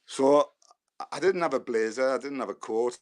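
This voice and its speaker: A man in his fifties with a Geordie accent, a former footballer telling lively anecdotes as a guest. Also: mid-range voice, moderate pace. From Newcastle, England. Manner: lively storyteller who acts out the voices of others.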